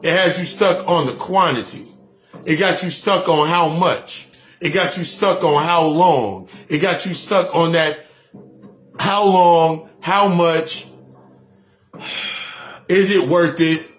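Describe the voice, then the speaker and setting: Blunt, preachy man speaking fairly high. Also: takes it slowly, long pauses, fairly bright tone. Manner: preachy, repetitive, blunt with profanity. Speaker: spiritual speaker. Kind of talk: motivational monologue.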